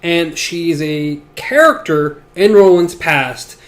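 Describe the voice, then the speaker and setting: A man's voice: on the high side, slow. Easygoing man co-hosting a book podcast. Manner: relaxed, reads passages aloud. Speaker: podcast co-host. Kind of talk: casual book discussion.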